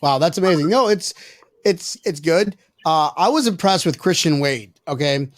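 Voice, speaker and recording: A man hosting a casual sports podcast, brash and profane, joking loudly with his co-hosts. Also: fairly high pitch, animated, moderate pace, no room sound. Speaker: podcast host.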